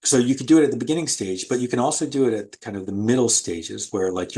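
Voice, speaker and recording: Man, low voice, husky, art teacher, casual recorded lecture, lots of fillers, computer mic. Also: a little mellow. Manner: casual, thinking aloud with many fillers. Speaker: art instructor.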